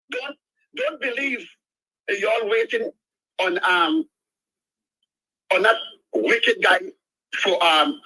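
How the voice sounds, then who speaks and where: A man, calling in to a talk show and rambling in an impassioned way with drawn-out words. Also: high voice, vocal fry, pushed and bright, slightly rough, no room sound, low-quality recording. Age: 60s. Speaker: caller. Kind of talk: call-in talk radio.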